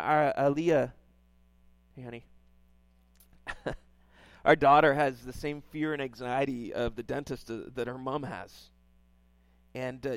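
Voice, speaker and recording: A middle-aged male pastor preaching a sermon in a loose, conversational way, often checking in with "right?" and repeating words as he goes. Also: medium pitch.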